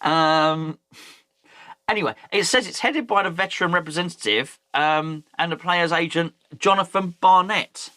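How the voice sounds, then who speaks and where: Bloke rambling about his club, bright forceful voice, dry close sound. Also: on the high side, moderate pace, no room sound. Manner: rambling, jokey, self-correcting. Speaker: fan channel host. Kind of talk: casual football chat.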